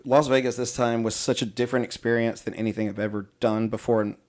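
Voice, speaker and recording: A young man hosting a casual podcast, telling a story with lots of cursing and filler words. His pitch sits in the middle for a man. He gets animated and slips into quick impressions of the people in his story. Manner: animated, profane storytelling, mimics people he quotes. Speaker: podcast host.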